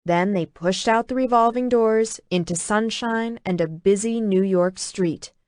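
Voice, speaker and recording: A woman narrating an audiobook with a steady, even reading. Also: mid-range voice, a little slow, dry recording, studio quality. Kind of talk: scripted narration.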